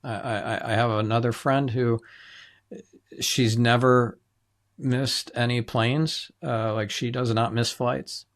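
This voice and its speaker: A man hosting a podcast interview, speaking reflectively with halting restarts. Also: medium pitch, fairly even intonation. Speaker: podcast host. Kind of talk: conversational interview.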